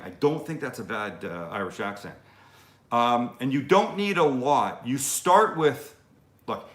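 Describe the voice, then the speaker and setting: A man's voice: mid-range voice, a bit bright, echoey room. A man hosting a casual live-stream Q&A from his home kitchen, rambling and swearing freely between viewer questions. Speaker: cooking show host.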